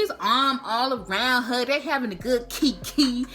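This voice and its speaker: A young woman vlogger, telling a slangy, animated storytime. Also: fairly high pitch, moderate pace, soft background music. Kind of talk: storytime vlog.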